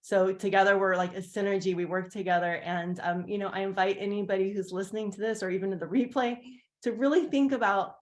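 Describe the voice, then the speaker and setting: A woman's voice: mid-range voice, steady tone, fast talker. Rambling, heartfelt woman sharing her story. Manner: rambling with many fillers and restarts. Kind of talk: heartfelt personal testimony on a team call.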